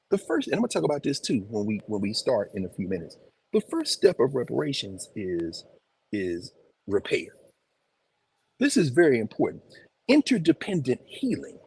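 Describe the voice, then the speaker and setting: A man giving an informal, animated lecture on location in a museum, talking conversationally with emphatic asides. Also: on the high side, slightly rough. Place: museum, indoors.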